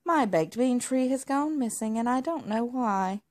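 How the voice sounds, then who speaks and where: A woman's voice: on the high side, expressive, a little slow, darkish tone, pitched above the performer's own voice. A woman voicing a lazy, spoiled, snobbish male house cat who grunts and demands, in a read-aloud storybook. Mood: grumpy. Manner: grumpy, demanding, huffy.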